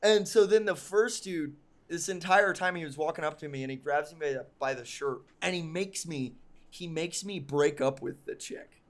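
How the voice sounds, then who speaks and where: A young man with a fairly high voice tells a long personal story in casual podcast chat. He rambles, fills gaps with ums and likes, and pokes fun at himself as he goes. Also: normal speed. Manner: rambling, full of ums and likes, self-mocking. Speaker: podcast co-host.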